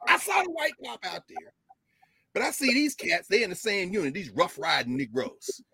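Impassioned man lecturing, husky and lively. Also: dry recording, studio quality. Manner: preacher-like cadence, repeating phrases for emphasis; swings from low murmurs to loud, high emphasis. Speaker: lecturer speaking to a group.

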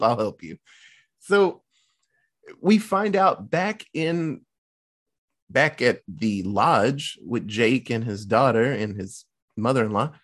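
Guy chatting about a movie, really lively pitch, swears a lot. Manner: animated storytelling, swearing, mock quoting characters. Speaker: podcast co-host recapping a film. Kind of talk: casual chat.

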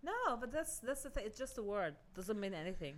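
Young woman comic guest, blunt storyteller with a lively, swinging delivery and frequent laughs. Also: medium pitch, fast, a crowd in the background. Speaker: comedian guest. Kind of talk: casual podcast chat.

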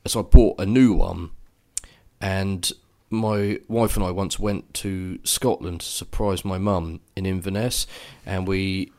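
Low-voiced man rambling on a podcast. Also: fairly even intonation, slow, mellow. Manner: rambling, lots of fillers and restarts. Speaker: podcast co-host. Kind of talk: casual chat.

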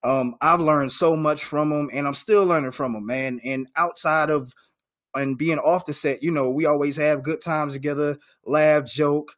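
A man's voice: on the high side, fairly even intonation, moderate pace, fairly bright tone. A man from Georgia hosting an interview, chatty and friendly, tossing in "man" often. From Georgia, USA. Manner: friendly, says "man" often, hype-style introductions. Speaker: host. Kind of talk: casual interview talk.

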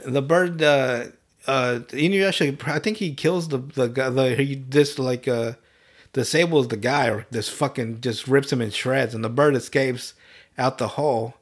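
Animated, profane man recapping a cartoon. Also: mid-range voice. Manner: profane, animated retelling with quick voiced asides. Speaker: podcast host. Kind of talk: casual chat, recapping an anime.

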